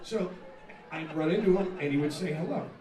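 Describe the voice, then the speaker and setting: A man, a rock singer, telling a profane, animated story between songs at a live music venue, laughing and acting out the scene. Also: fairly high pitch, a little fast. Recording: echoey live room, mic far off, loud crowd.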